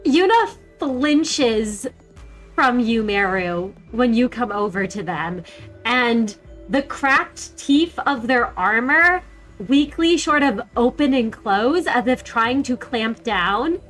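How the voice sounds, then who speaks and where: Slow-narrating woman game master. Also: fairly high pitch, lively intonation, fairly bright tone, faint music behind. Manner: descriptive, measured narration.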